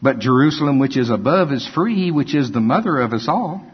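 An older man preaching a sermon, reading scripture and breaking into animated, folksy asides. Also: medium pitch, a little fast, husky. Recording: dull lo-fi with long hall reverb.

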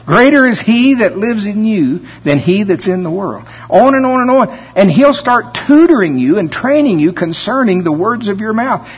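A man preaching a sermon in an animated way, now and then mimicking whiny complaints in a high voice. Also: breathy edge. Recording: dull recording with long hall reverb.

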